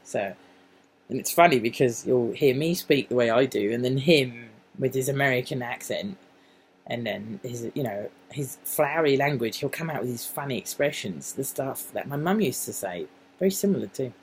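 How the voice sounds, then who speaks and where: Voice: mid-range voice, lively intonation, normal speed, a little hiss or hum, rough recording. An English-accented adult vlogger talking casually in a wandering monologue, full of restarts and asides. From England.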